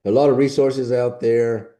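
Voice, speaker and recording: A man's voice: medium pitch, steady tone, a little slow, dark tone. A man teaching a lecture to graduate students, plain and matter-of-fact, repeating his points. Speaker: instructor. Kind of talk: recorded lecture.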